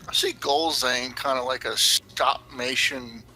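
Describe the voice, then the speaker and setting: A man playing a tabletop game, joking and throwing in loud exclamations. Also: medium pitch, fairly even intonation, a little slow, poor audio. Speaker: player. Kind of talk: tabletop role-play.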